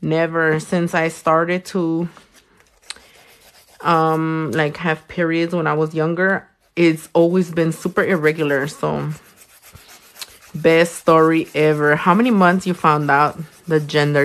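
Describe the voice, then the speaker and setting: Chatting casually as she works, a young nail technician on a livestream tells animated stories, cusses freely and slips into squeaky high voices. Her tone stays steady and her pace measured.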